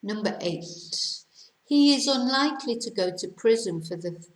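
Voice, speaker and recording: A British woman teaching English, reading quiz sentences aloud slowly and carefully with countdowns. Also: fairly high pitch, expressive, echoey room, low-quality recording. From Britain. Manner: careful slow dictation with countdowns.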